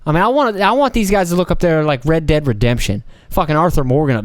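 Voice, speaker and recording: A man's voice: a little high, expressive, quick pace. A man hosting a casual solo podcast, rambling and joking with plenty of profanity and playful mock voices. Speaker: podcast host.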